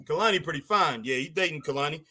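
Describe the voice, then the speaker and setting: A man hosting a casual live-stream wrestling show, reacting excitedly to matches, laughing and calling everyone "man" and "boy". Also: on the high side, fast, slightly rough. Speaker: host.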